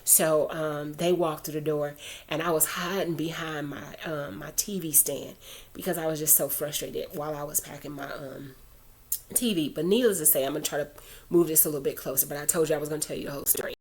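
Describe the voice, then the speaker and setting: A woman vlogger speaks briskly in a low voice with a steady tone, casually telling the camera about a personal faith experience. She rambles and adds many asides, then turns earnest in urging prayer.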